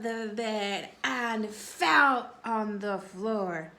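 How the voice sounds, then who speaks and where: Woman storyteller for children, bright high voice, expressive, unhurried. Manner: slow, expressive read-aloud. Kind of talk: reading picture books aloud to children.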